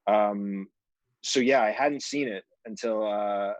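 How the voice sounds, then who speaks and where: A man's voice: fairly low pitch, slow pace, dry recording. A man co-hosting a podcast in casual chat, hesitant with many ums. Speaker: podcast co-host.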